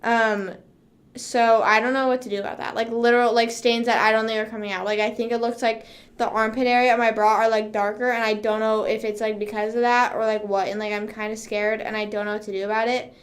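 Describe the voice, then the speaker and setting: A woman's voice: a little high, level tone, fairly quick. A young woman hosting a casual livestream chat, bubbly and rambling, saying "like" constantly and breaking into song. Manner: bubbly, rambling, heavy use of "like", bursts into song. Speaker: livestream host.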